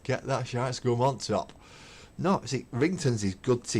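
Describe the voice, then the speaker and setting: Chatting casually while painting on his hobby livestream, a middle-aged man rants emphatically, opinionated and swearing. His mid-range voice is a little mellow and a little slow, with lively intonation.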